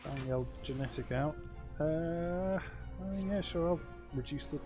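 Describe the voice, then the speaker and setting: A man with a slightly high voice hosts a let's play at a moderate pace, faint game music behind him. He thinks aloud while casually commenting on his moves, adding wry, self-deprecating asides.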